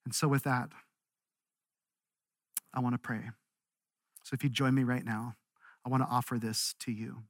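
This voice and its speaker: A man preaching a recorded sermon as a pastor, earnest, rising with energy and then dropping to quiet, slow emphasis. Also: mid-range voice, level tone, no echo, studio quality. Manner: earnest, builds up then drops to a hush.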